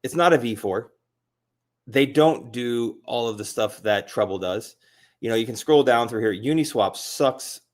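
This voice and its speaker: A man hosting a casual crypto video, talking through his screen with excitable, rambling commentary, full of fillers and repeats. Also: mid-range voice, a little slow.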